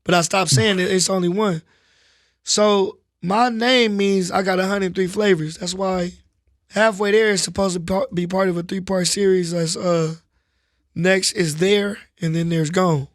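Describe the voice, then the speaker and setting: A man talking casually in an interview, relaxed and slangy, often saying "you know what I'm saying.". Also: high voice, unhurried, no echo, studio quality. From Los Angeles, US. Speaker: rapper guest. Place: studio.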